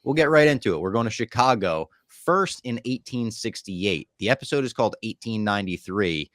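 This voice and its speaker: Deep-voiced animated male podcast host. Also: brisk, no room sound, studio quality. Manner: animated, jokey storyteller. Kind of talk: casual pop-culture recap chat.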